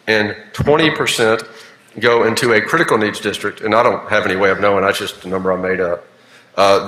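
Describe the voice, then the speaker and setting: A man's voice: lowish voice, sharp tone. Man explaining a bill. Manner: measured, explanatory, with frequent fillers. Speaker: senator presenting a bill. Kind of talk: legislative floor speech. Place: legislative chamber. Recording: echoey chamber with long reverb.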